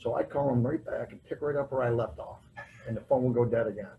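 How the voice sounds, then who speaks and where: A man's voice: medium pitch, steady tone, quick pace, narrow, tinny audio, slight background noise. A man speaking at a recovery convention, sharing his personal story in a loose, self-mocking way. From United States. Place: convention hall.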